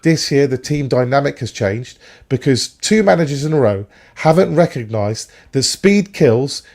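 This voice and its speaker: A man's voice: medium pitch, lively intonation, moderate pace, darkish tone. A man on a fan show, giving long, opinionated takes on football. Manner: opinionated, explains at length. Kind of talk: casual football chat.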